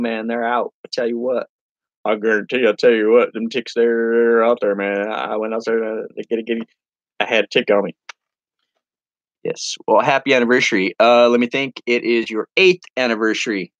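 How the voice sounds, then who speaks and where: A man hosting a casual live stream, rambling and joking as he reads viewer comments, with sudden playful jumps into a high voice. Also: no room sound, muffled recording. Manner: silly, playful with sudden high-pitched bursts.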